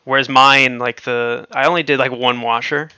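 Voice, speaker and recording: A man's voice: mid-range voice, level tone, normal speed, pushed and bright, clean tone, no echo. A man hosting a livestream, chatting casually and rambling with lots of fillers and frequent laughs. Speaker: livestream host.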